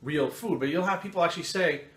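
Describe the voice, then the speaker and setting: Fast-talking, swearing man in an echoey kitchen. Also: fairly high pitch. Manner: fast, profane, animated ranting. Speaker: fitness coach and channel host. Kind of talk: casual chat to camera. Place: home kitchen. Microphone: camera mic. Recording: roomy echo, faint room noise.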